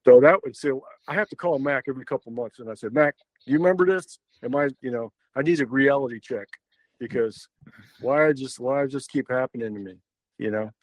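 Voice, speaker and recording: A man's voice: mid-range voice, fairly quick, no room sound, low-quality recording. An older man, a podcast guest telling a story in a loose, rambling way with many fillers and restarts. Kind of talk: casual storytelling.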